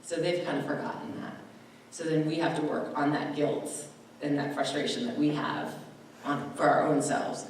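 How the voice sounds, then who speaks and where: A low-pitched woman speaks in an easy, talkative way to a live audience, acting out little quoted voices as she goes. She is heard from a distance in a very echoey hall. A faint room hum sits behind her. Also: steady tone, normal speed. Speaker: dementia care presenter. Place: large room at a presentation.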